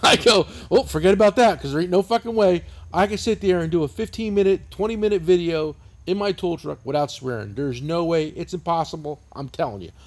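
A man's voice: on the high side, a little fast, few pauses. A man in his fifties with a New Jersey accent, co-hosting a podcast and telling long, profane, rambling stories. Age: 50s. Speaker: podcast co-host. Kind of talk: casual chat.

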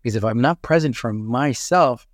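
A man speaks as a podcast guest with a mid-range pitch. He tells his story earnestly and reflectively, often restarting phrases. The recording is dry and close, with no room echo. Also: moderate pace. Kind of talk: conversational storytelling.

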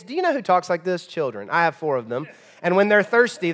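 A man preaching a sermon as pastor, conversational and emphatic, moving between loud and hushed passages in a church. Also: high-pitched, big pitch swings, a little fast, in a large hall.

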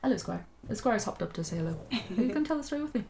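A woman's voice: fairly high pitch, expressive, very fast, gravelly, a little mellow, a little hiss or hum. Chatty woman telling a fairy tale. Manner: chatty, giggly. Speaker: storyteller host. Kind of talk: casual storytelling.

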